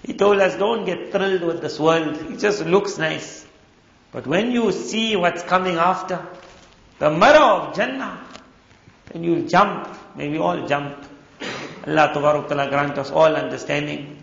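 A man's voice: a little high, moderate pace, vocal fry, a bit bright. A man preaching a sermon, telling stories and acting out the quoted voices. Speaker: Islamic preacher. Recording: echoey hall, dull lo-fi sound.

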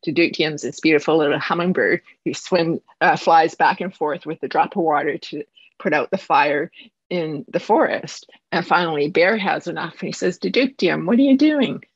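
A Canadian high school math teacher presents a project at an online conference from her home, speaking fast, earnestly, and a bit nervously. Her husky voice is low-pitched and steady in tone. The video-call audio is dry and dull, without echo.

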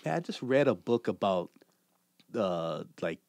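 A man hosting a relaxed podcast chat, laid-back and bantering with his guest. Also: lowish voice, measured pace, creaky. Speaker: host. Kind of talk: casual conversation.

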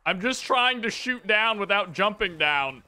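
Excitable young-sounding man doing gameplay commentary. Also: high-pitched, measured pace, clean tone. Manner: excitable, reactive, jokey, exclaims often. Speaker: gaming channel host. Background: gunfire and explosions from the game.

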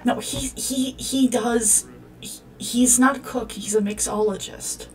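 A woman's voice: fairly high pitch, fairly even intonation, a little slow, distant mic. A woman hosting a let's-play, commenting on a life-sim game in a profane, exclamatory way as she talks at the characters. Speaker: gaming channel host.

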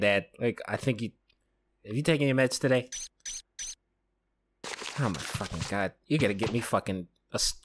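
A man's voice: medium pitch, background noise. A man casually commenting while playing a game, sarcastic, profane and rambling. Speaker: streamer. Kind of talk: casual let's-play commentary. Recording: game music behind.

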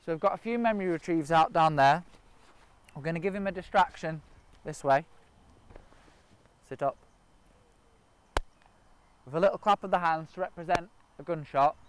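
A man's voice: fairly high pitch, fast talker, clear, resonant tone. A man training gundogs outdoors, explaining each step in a practical way. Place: outdoors in a park and by a river.

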